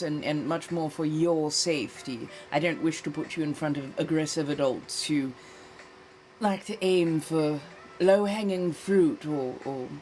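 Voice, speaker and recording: A woman with a lowish voice chats on a livestream in an affected old-fashioned American accent. She is languid and theatrical, drawing out her words and calling her viewers darling. A faint hiss runs underneath. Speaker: livestream host. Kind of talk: casual chat.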